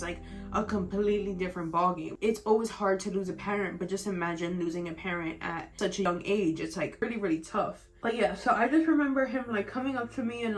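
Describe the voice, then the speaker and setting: Young woman, storytime vlogger, tearful and rambling, mid pitch, soft music under. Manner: emotional, rambling with frequent "like". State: tearful at times. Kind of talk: storytime vlog.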